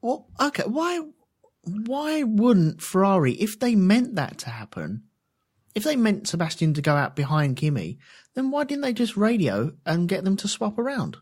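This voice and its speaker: A man co-hosting a podcast, telling stories in an animated way. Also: high voice, normal speed, husky. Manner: animated storytelling with put-on voices. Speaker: podcast co-host. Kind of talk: casual chat.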